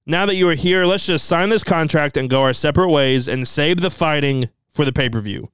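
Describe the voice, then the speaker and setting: A man's voice: fairly high pitch, fairly quick, a bit bright, smooth, no room sound, close to an everyday voice. A man voicing a stern, commanding wrestling show boss. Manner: commanding, scolding.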